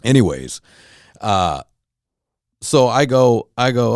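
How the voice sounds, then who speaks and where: A middle-aged podcast host from Los Angeles County in Southern California rants casually through a heated, profane story, restarting often. His lowish voice is sing-song, slow and a little mellow, with frequent pauses, and the recording is echo-free at studio quality.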